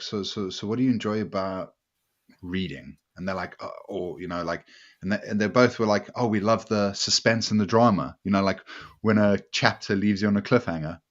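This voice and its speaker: A man co-hosting a casual podcast chat, animated and laughing, often jumping into put-on voices. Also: deep voice, lo-fi sound. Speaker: podcast co-host.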